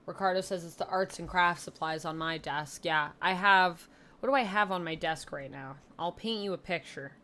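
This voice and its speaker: A woman's voice: lowish voice, bright, forceful tone. A young woman from Canada with a slight Southern twang, chatting casually and rambling on a live stream from her home desk mic. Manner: chatty, rambling, self-deprecating.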